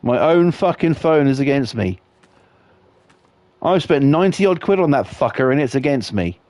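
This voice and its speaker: A man's voice: mid-range voice, lively intonation, normal speed, darkish tone, no room sound. A man live-streaming a game, ranting about football and reading chat with constant swearing. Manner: profane, ranting, heavy swearing.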